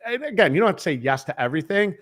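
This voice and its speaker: A man's voice: high-pitched, big pitch swings, rapid-fire, fairly bright tone. A man on a podcast as a guest, talking casually in a profane, emphatic, rambling way about selling. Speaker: podcast guest, head of sales.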